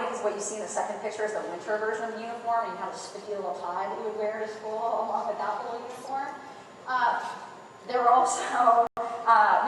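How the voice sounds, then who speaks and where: A woman's voice: a little high, a bit bright, a little hiss or hum. American woman lecturing in an echoey hall. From United States. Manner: chatty, self-mocking, laughs often. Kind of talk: storytelling lecture to students. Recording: echoey hall recorded from far off.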